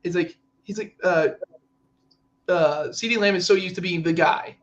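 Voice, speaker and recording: Podcast co-host, man, high and fired-up, exasperated rant delivery, slightly muffled audio. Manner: ranting, exasperated, quick to quote players in mock voices. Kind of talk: casual sports chat.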